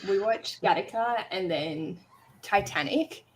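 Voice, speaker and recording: A young woman on a video call, telling stories in a lively, dramatic way. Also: medium pitch, slow pace, a little hiss or hum. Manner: animated storyteller, dramatic retellings. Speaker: readathon co-host. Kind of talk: casual video call chat.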